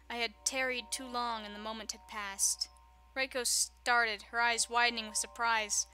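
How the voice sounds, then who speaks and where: A woman with a fairly high, very bright voice reads a visual novel's narration aloud. She keeps interrupting herself with sarcastic jokes and frequent laughter. Faint game music plays behind her. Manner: laughs often, teasing sarcastic asides. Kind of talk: reading game text aloud with joking commentary.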